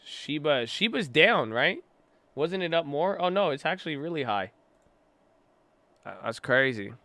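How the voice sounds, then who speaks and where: A man's voice: on the high side, very animated, a little slow, sharp tone, no echo. A young man hosting a casual livestream, reading chat aloud and reacting in loose, slang-heavy talk.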